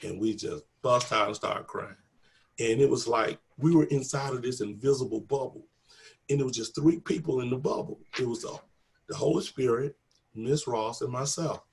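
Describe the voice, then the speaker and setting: A man's voice: mid-range voice, moderate pace, creaky. A middle-aged man earnestly retelling a personal story in a casual, emotional way, acting out quoted dialogue. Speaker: guest telling his story.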